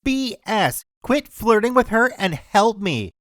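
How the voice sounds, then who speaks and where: A man voicing an angry, pushy older woman shopper who is loud and demanding. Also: sits high, big pitch swings, slow pace, dry recording, clean studio sound, voice pushed up, full character voice. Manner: loud, near-screaming, demanding.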